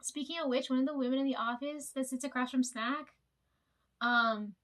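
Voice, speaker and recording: A woman's voice: high-pitched, fairly even intonation, normal speed, a bit bright. A woman in her late twenties telling a rambling, sidetracked story in casual chat, swearing freely as she goes. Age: late 20s. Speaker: vlogger.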